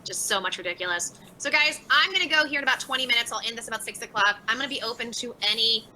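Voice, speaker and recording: A woman's voice: a little high, fast talker, bright, forceful tone, slight background noise, low-quality recording. A woman hosting a casual livestream, reading out viewer chats and answering them by name in a sarcastic, laughing way. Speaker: livestream host.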